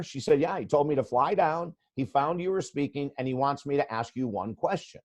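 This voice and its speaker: A man's voice: fairly high pitch, fairly quick, hardly any pauses. A man in his sixties, a guest life coach telling a story in a podcast interview, blunt and emphatic.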